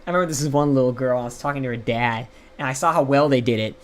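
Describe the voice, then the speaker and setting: A man's voice: medium pitch, very fast. A young man telling a rambling, profane story while streaming a game live.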